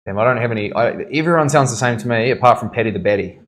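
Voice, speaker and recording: Man, New Zealand accent, tattoo artist, casual studio chat, easygoing banter, middle-pitched voice. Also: very fast, a bit bright. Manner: chatty, laughing banter.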